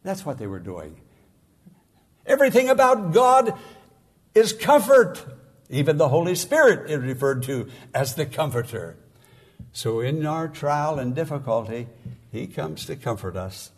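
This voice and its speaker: A man preaching a sermon as pastor, slow and emphatic, with sudden rises in pitch and volume. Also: very animated, darkish tone, slightly rough.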